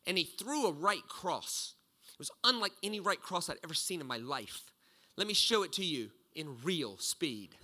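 A middle-aged man preaching a sermon, telling a story with loud bursts and low asides. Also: animated, normal speed. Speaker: pastor.

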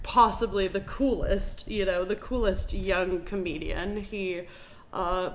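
A woman co-hosting a podcast in an unhurried, wry manner, chatting casually about a sitcom episode. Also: mid-range voice, steady tone. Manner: unhurried, agreeable, wry jokes. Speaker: podcast co-host.

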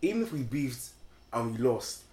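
Young London man, casual co-host, rambling slangy storyteller, mid pitch. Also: big pitch swings, normal speed, mellow. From England. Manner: slangy storytelling with many fillers. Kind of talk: casual chat. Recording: echoey room with faint background noise.

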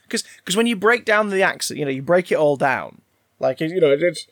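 A man's voice: a little high, animated, brisk, no room sound, clean studio sound. A man casually discussing a film, rambling and swearing with frequent restarts.

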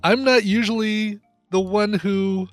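A man with a medium-pitched voice co-hosts a live stream in casual talk and keeps slipping in silly jokes. The sound is dry, with faint music behind. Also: fairly even intonation, a little slow, no room sound. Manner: playful, jokey, with silly bits. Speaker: co-host.

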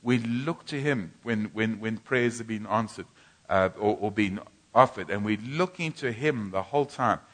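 A man's voice: lowish voice, normal speed. A man preaching a sermon in a church, emphatic and repetitive, often restarting phrases.

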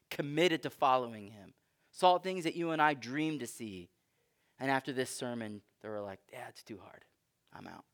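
A man preaching a sermon in a conversational, emphatic way. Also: mid-range voice. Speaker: pastor.

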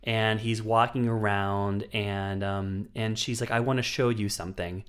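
A man's voice: on the low side, steady tone, a little slow, smooth. A man co-hosting a podcast, casually retelling a film's plot with lots of ums and asides. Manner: rambling plot retelling with many fillers. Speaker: podcast co-host. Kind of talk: casual chat.

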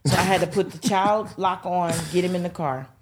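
Brief: middle-aged woman, lowish husky voice, lively family storyteller. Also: brisk, faint music behind. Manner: animated, acts out voices in her stories. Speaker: guest, host's mother. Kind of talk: casual storytelling.

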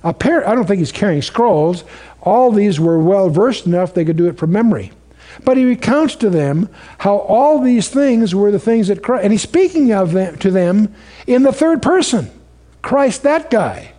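High-voiced man preaching a sermon. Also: animated, normal speed, dark tone. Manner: conversational storytelling, asks the audience questions.

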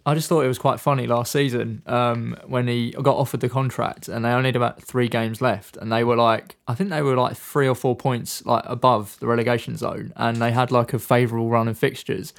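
A man's voice: mid-range voice, little pitch movement, a little fast, gravelly, few pauses. A man chatting casually on a football podcast, hesitant and full of restarts. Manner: hesitant, restarts often, chuckles along. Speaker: podcast co-host.

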